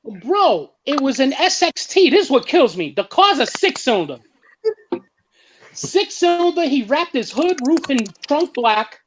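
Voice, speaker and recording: A man's voice: unhurried, a little hiss or hum. A man telling a story on a casual car podcast as a guest, swearing freely and acting out what others said. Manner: animated, swears freely, acts out quotes in a higher voice.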